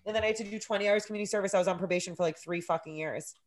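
A woman's voice: medium pitch, racing, a little hiss or hum. A woman in her thirties co-hosting a podcast, telling a story with lots of swearing and energy. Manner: animated storytelling, heavy swearing. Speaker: podcast co-host. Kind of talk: casual chat.

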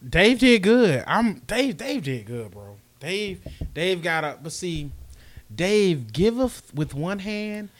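A man's voice: high-pitched, sing-song, slow. Joking man, raised voice. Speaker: podcast co-host. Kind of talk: casual sports talk.

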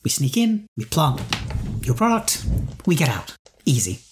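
A man voicing a shapeshifting beetle-person who is a smooth, scheming salesman with breezy sales patter in a tabletop story game. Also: on the high side, huge pitch swings, measured pace, background noise, voice pushed up.

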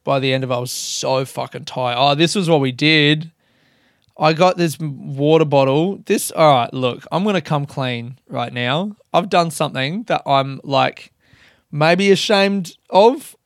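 A man's voice: on the high side, unhurried, dry recording, clean studio sound. A young man, a comedian rambling loosely through stories in a sweary, self-mocking way. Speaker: comedian podcast host. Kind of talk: casual rambling monologue.

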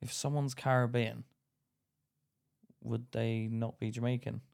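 A man's voice: mid-range voice, flat delivery, measured pace, gravelly, a little mellow. A man co-hosting a podcast, chatting casually in a rambling, often confused way, breaking into giggles. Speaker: podcast co-host. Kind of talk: casual banter.

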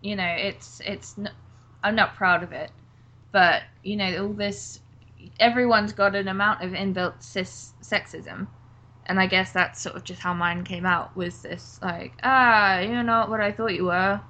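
A woman's voice: mid-range voice, flat delivery, measured pace, sharp tone. A woman co-hosting a podcast who talks in a rambling, self-deprecating way. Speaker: podcast co-host and writer. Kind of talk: casual chat. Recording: dull lo-fi sound.

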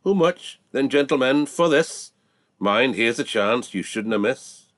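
A Scottish man voicing a loud, pushy cattle auctioneer in recited dialect verse. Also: mid-range voice, animated, measured pace, natural voice. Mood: selling hard. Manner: brash, wheedling sales patter.

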